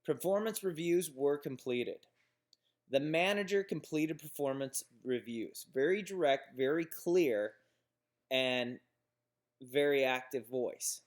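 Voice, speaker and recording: A man's voice: fairly high pitch, expressive, slow pace. A male instructor giving a recorded lecture on business writing. He explains examples plainly, with restarts and fillers.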